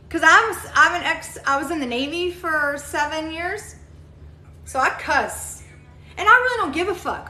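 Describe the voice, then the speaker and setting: Her high voice is pushed and bright as she hosts a casual livestream, answering viewer comments in blunt, profane chatter full of rambling fillers. The room is echoey, with faint background noise.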